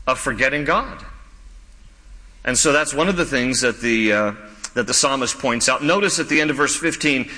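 A man preaching a sermon as pastor, animated, with joking asides and quick voices for the characters in the story. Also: fairly high pitch, in a large hall, rough recording.

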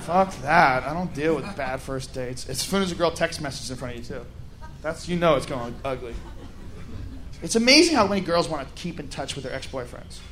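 A man stand-up comedian doing crude, loud banter with the audience. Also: fairly high pitch, expressive, a little fast. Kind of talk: crowd work. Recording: live venue with crowd and noise.

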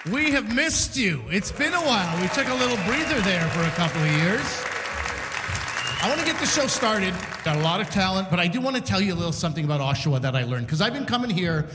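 A man's voice: high-pitched, fast talker, reverberant, long reverb tail, over a noisy crowd, very noisy. A man hosting a live comedy show, telling a story to the audience and acting out the people in it. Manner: animated, acts out quotes in character voices. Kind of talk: stand-up storytelling on stage. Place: large community center hall, live audience.

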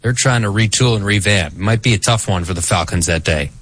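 A man's voice: on the low side, brisk, a bit bright, no echo. A young man co-hosting a sports radio show, joking and teasing in casual banter.

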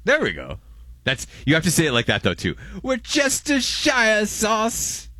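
A man's voice: medium pitch, fast talker, no echo, clean studio sound. An American man co-hosting a podcast, chatting casually and playfully. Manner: playful, jokey, animated. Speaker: podcast co-host. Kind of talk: casual chat.

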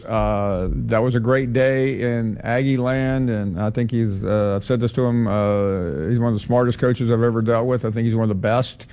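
A male sports radio host taking calls and talking slowly, with many hesitations. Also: medium pitch, warm tone. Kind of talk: call-in sports talk.

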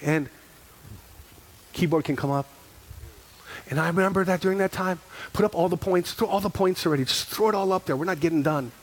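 A middle-aged man, a pastor, preaching a sermon in an animated storytelling way, moving from quiet asides to raised, emphatic repetition. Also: high voice, brisk, pauses often.

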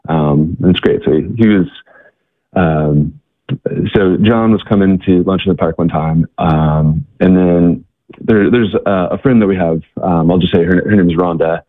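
A man talking as an interview guest, telling stories in a halting way, with many fillers and repeated words. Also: sits low, steady tone, no room sound. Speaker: guest, charity worker. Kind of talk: casual interview storytelling. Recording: tinny, dry phone-like line.

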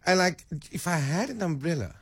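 A man's voice: on the high side, lively intonation, moderate pace, a bit bright, slightly rough, dry recording, clean studio sound. A man hosting a casual radio chat, playful and full of stammered restarts. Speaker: radio host.

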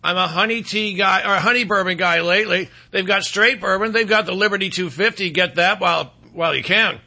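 A man from Michigan hosting a talk show, rambling and sarcastic, clearing his throat now and then between political rants and ad reads. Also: high-pitched, brisk, bright, forceful tone. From Michigan, USA.

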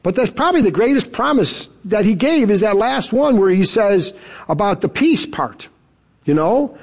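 Animated, high-voiced male preacher. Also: normal speed. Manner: animated, emphatic, chuckles while preaching. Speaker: pastor. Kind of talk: sermon.

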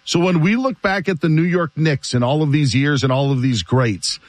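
A man hosting a sports radio show, telling stories in an animated, chatty way and laughing often. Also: fairly high pitch, normal speed, no room sound. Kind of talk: casual sports talk.

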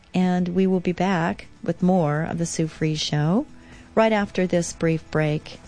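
A woman's voice: lowish voice, steady tone, slow, a little mellow. Earnest woman hosting a devotional show. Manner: earnest and encouraging, rising with emphasis. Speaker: radio show host. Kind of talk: devotional talk show, reading and reflecting.

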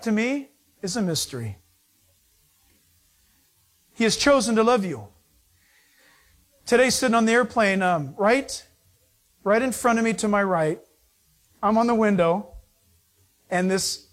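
A man preaching a conversational sermon, telling stories in a chatty way with frequent restarts. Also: sits high. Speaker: pastor.

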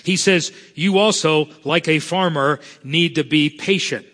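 A pastor from South Florida preaches a sermon to his congregation in a slightly high, somewhat bright voice. He speaks earnestly and slows down to stress the scripture he reads, his words ringing with long reverb through a large church sanctuary.

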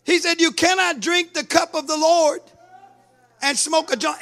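A man preaching a sermon, fervent, breaking into shouts and sing-song cadences. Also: very high-pitched, fairly even intonation, a little slow, creaky.

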